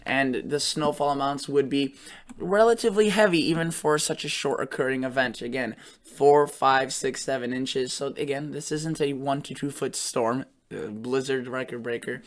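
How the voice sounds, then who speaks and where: A man's voice: medium pitch, a bit bright. A man hosting a weather channel, talking casually through forecast model maps and often correcting himself mid-sentence.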